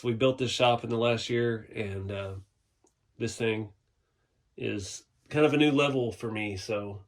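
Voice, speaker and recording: Congested man chatting in a garage vlog. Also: medium pitch. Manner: rambling, laughs often. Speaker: YouTube host. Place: home workshop.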